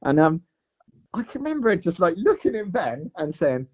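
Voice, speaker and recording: A man's voice: high-pitched, a little fast. A man telling a long fishing story in casual chat, full of "mate" and "like". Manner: animated storyteller, says "mate" and "like" a lot. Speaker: podcast guest. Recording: dull lo-fi podcast audio.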